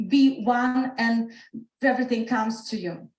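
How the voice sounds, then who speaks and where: A woman's voice: a little high, a little slow, roomy sound, poor audio. A woman with a Slovak accent telling an earnest personal story on a video call, her English full of restarts. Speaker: speaker. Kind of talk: motivational talk on a video call.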